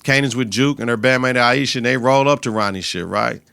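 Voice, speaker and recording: A man's voice: medium pitch, a little fast, creaky, pushed and bright, clear, resonant tone, dry recording. A man hosting a podcast, giving a loose, slang-heavy, profane recap of a TV episode into a close mic. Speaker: podcast host.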